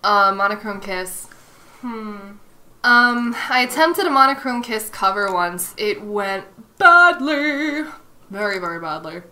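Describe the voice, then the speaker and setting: A woman's voice: medium pitch, measured pace, bright, forceful tone. A young woman streaming from home, chatting casually and playfully as she answers her chat. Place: home room.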